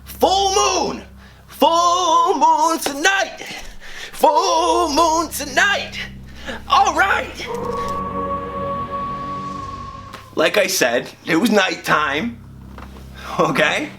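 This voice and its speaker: A man's voice: fairly high pitch, expressive, moderate pace, over music. An actor playing a rambling, crude construction foreman, stammering through a mock true-crime interview. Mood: excited.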